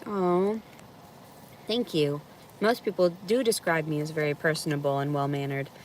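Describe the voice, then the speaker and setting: In a low voice with fairly even intonation and a moderate pace, a reality show subject chats candidly outdoors in a park about viewer messages. She laughs frequently and swears freely, with slight background noise.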